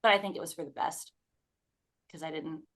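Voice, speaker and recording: Candid, animated woman with a lowish voice. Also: fairly quick. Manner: candid, animated, swears freely; acts out her own past remarks in quotes. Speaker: podcast guest. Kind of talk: casual personal storytelling.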